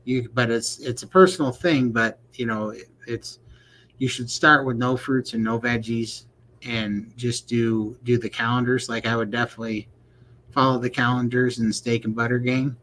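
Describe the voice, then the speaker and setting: A man's voice: medium pitch, level tone, moderate pace, fairly bright tone, rough recording. Man, podcast co-host, folksy, joking, casual livestream chat, faint background hiss. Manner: folksy and joking, reads viewer questions aloud.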